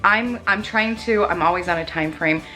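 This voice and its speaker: A woman's voice: on the low side, bright, forceful tone, soft background music. A woman hosting a home cleaning vlog, talking casually and often restarting her sentences. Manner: chatty, restarts sentences, talks fast when explaining. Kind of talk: casual vlog chat and voiceover.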